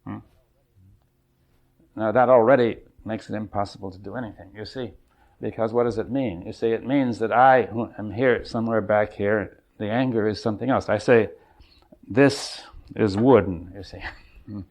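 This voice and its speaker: An older man leading a seminar, thinking aloud in a halting, searching way and often checking in with his listeners. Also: on the low side, fairly even intonation, a little mellow. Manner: thoughtful, halting, often checks in with "right?" and "you see". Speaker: seminar leader. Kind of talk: exploratory seminar talk. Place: seminar room.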